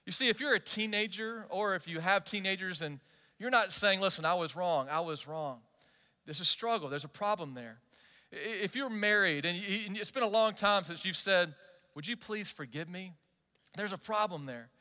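High, bright-voiced pastor preaching in a hall. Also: male voice, moderate pace. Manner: animated, conversational preaching with direct questions to listeners. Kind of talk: sermon.

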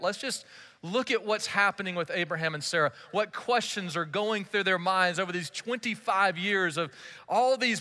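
A man's voice: high-pitched, bright, forceful tone. A male pastor delivering a sermon, telling the story with playful acted-out dialogue. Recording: large hall with long reverb.

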